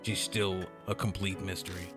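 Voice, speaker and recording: A man's voice: low voice, level tone, normal speed. A man streaming a horror visual novel, reading it aloud with playful joking asides. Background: game music.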